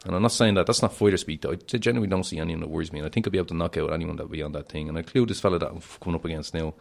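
A man's voice: sits low, steady tone, rapid-fire, gravelly. A young Irish man, a fighter, chatting brashly on a podcast, boastful and laughing often. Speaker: fighter guest. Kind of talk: casual podcast chat.

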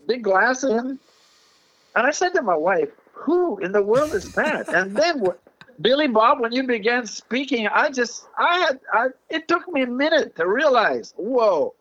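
High-voiced man telling a story. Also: sing-song, a little slow, sharp tone, dull audio. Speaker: guest, missionary. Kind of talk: casual reminiscing interview.

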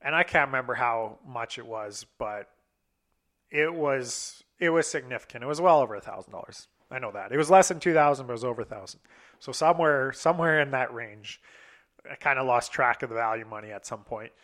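A man's voice: mid-range voice, animated, brisk, a bit bright. A young man telling a long personal story in a casual, rambling, profane way, acting out what others said.

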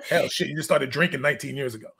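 A man's voice: mid-range voice, very fast, gravelly, sharp tone, breathy edge. A man, a fitness coach, chatting casually in an interview, telling candid rambling stories and laughing at his own jokes.

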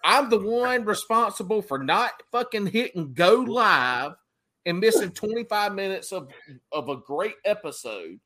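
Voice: mid-range voice, expressive, a little slow, pushed and bright. A podcast host chatting casually, joking and swearing freely. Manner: profane, joking.

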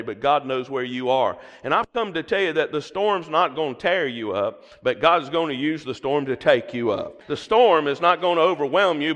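A man's voice: mid-range voice, a bit bright. A middle-aged man with a Southern drawl delivers a sermon from the pulpit. His voice carries a long church reverb, and he keeps prompting the congregation to repeat after him. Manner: call-and-response preaching, prompting the congregation. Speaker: pastor. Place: church sanctuary.

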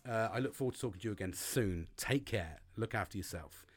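A man's voice: on the low side, animated, a little fast. A man hosting his own talk show, chatting casually and swearing a lot as he acts out his own thoughts. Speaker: podcast host. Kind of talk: casual monologue.

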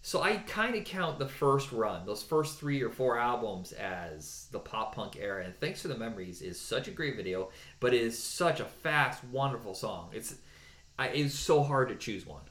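A man's voice: medium pitch, moderate pace. Opinionated man in an echoey room. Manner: animated, opinionated, with mocking put-on voices. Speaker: podcast co-host. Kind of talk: casual chat counting down songs.

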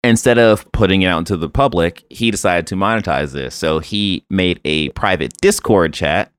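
A man's voice: deep voice, normal speed, clear, resonant tone, dry recording. A man co-hosting a casual gaming news podcast, reading headlines and then joking about them in a laid-back way. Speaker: podcast co-host.

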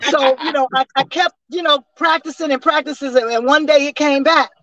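A woman in her sixties, a singer and interview guest, telling stories in a lively way with laughs and restarts over a remote call. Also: high voice, brisk, dull audio, a crowd in the background. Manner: animated storyteller with frequent laughs and restarts. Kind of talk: casual interview storytelling.

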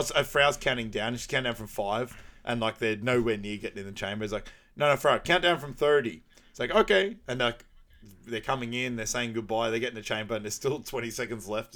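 A man's voice: steady tone, quick pace, a bit bright. A man casually recapping a movie on a podcast, laughing often and acting out lines. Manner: laughs often, acts out movie quotes in high voices. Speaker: podcast co-host.

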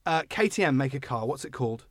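Fast, animated man hosting. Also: medium pitch, dry recording, clean studio sound. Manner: animated, joking, quick-talking. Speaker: podcast host. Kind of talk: casual car podcast chat.

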